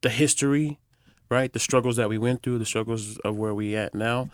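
A man's voice: mid-range voice, fairly even intonation, moderate pace, dry recording, clean studio sound. A man co-hosting a casual podcast, easygoing and slangy, asking thoughtful questions. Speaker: podcast co-host.

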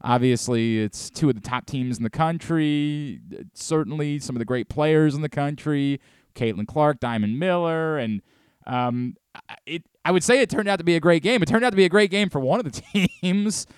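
A man's voice: fairly high pitch, moderate pace, clear, resonant tone, no room sound, studio quality. A man hosting a sports talk radio show, giving heated opinions with emphatic repetition.

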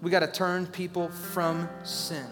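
A man preaching a sermon as a pastor, talking conversationally and rising into loud, urgent pleas. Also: high-pitched, monotone, a little slow, big-room sound, soft background music.

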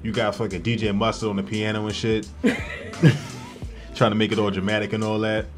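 A man's voice: lowish voice, completely flat delivery, brisk, faint music behind. A young adult man co-hosting a podcast in casual chat, tossing out crude one-liners. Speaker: podcast co-host.

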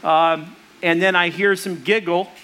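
A pastor delivers a sermon, telling a story in a loose, conversational style full of fillers and restarts, animatedly acting out the voices of its characters. His voice is high and unhurried.

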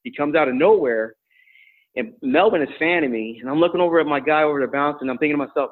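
A middle-aged man, a former college wrestler and coach, tells stories in an interview in a relaxed, rambling way with many fillers. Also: on the high side, fast talker. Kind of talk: storytelling in an interview. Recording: tinny phone-like line.

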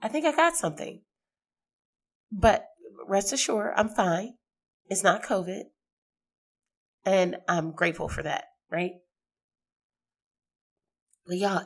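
A middle-aged woman hosting a podcast, hoarse from a sinus infection, talking in a chatty, rambling way and laughing easily. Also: medium pitch. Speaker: podcast host. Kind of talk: casual podcast monologue.

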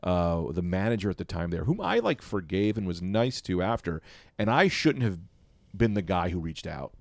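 Animated, profane male storyteller. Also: sits low, moderate pace, gravelly, no room sound. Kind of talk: casual chat, storytelling.

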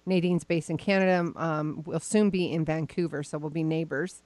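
A woman's voice: steady tone, moderate pace, a little mellow, no echo. A woman hosting a casual call-in radio show, chatty and prone to shrieks of disbelieving laughter. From United States. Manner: bursts into high incredulous laughter.

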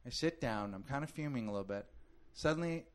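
A man co-hosting a casual podcast, telling a brash story with swearing and loud outbursts. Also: medium pitch, lively intonation, fast talker, a little hiss or hum. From Los Angeles area. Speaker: podcast co-host. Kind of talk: casual chat.

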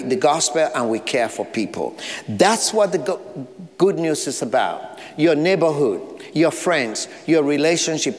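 A man's voice: a little high, long reverb tail. A man with an African accent, preaching a sermon as pastor, earnest, with short repeated phrases and light asides. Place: church sanctuary.

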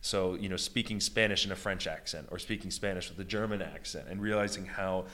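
A man's voice: low-pitched, fairly even intonation, brisk, bright, forceful tone. An American man chatting enthusiastically as an interview guest, with lots of "like" and "you know". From United States. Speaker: beatboxer and guest. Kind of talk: casual interview chat.

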